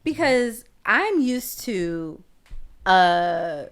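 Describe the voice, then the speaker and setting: A woman's voice: medium pitch, sing-song, extremely slow. A woman from Brooklyn, a guest in a casual podcast chat, talking frankly and directly. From Brooklyn, New York.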